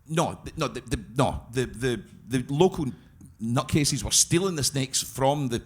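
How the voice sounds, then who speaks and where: A man's voice: mid-range voice, lively intonation, unhurried, husky. A Scottish man from Glasgow tells stories at a live podcast show. He swears freely, laughs through his own stories and keeps stumbling into fresh starts. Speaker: guest storyteller.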